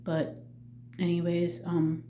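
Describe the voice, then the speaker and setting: Middle-aged woman vlogger, hesitant and full of fillers; warm dark tone, roomy recording. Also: fairly low pitch, monotone, a little hiss or hum. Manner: halting, full of fillers and restarts. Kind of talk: casual personal vlog.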